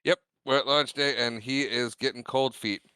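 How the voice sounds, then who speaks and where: A man's voice: mid-range voice, steady tone, normal speed, bright, forceful tone, clear, resonant tone, no echo, clean studio sound. A man co-hosting a podcast, casually retelling a movie's scenes and laughing often at them. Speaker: podcast co-host. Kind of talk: casual movie recap chat.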